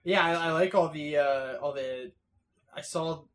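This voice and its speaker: A man co-hosting a podcast in casual chat, joking and bursting into loud laughs. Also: fairly high pitch, a little slow. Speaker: podcast co-host.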